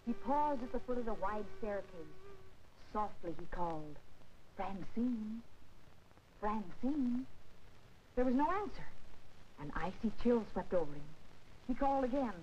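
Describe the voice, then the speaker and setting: A woman's voice: mid-range voice, animated, unhurried, pauses often, warm tone, a little hiss or hum, close to an everyday voice. An actress playing a young country woman reading a romance aloud with dramatic, breathless delivery. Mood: swooning. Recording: dull 1940s film soundtrack with music.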